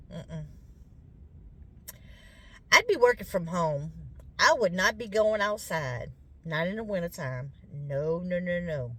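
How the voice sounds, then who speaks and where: Calling her audience "y'all," a middle-aged vlogger from Louisiana, US, chats casually in a Southern US accent. Her voice is fairly low in pitch and a bit congested from sinus drainage.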